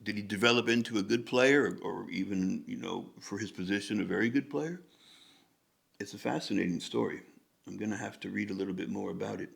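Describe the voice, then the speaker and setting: A man's voice: on the low side, a little fast, vocal fry. An American man hosting a reaction video, musing casually and rambling as he thinks aloud, often restarting his sentences. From United States.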